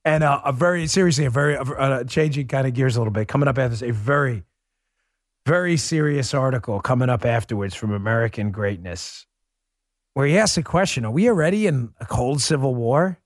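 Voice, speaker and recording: A man from Queens hosting a political commentary podcast, animated and quick to laugh. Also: medium pitch, no echo, studio quality. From Queens, New York. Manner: animated, laughs often, breaks into impressions. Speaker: podcast host.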